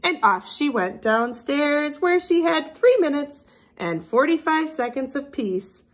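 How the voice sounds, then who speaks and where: A woman teacher reading a picture book aloud to young children in an expressive storybook manner. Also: high voice, unhurried.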